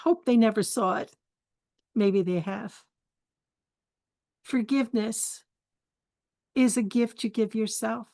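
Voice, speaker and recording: Slow, warm-voiced older woman telling stories. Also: a little high, gravelly, no room sound. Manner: chatty and candid, laughs often, gives life advice. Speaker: spiritual forum host. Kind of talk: storytelling talk.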